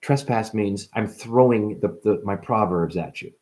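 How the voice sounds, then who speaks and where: A man speaking in a loose, playful monologue as a spiritual vlogger, often addressing listeners as honey. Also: unhurried. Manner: animated, swinging pitch, playful, calls listeners honey. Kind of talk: casual monologue.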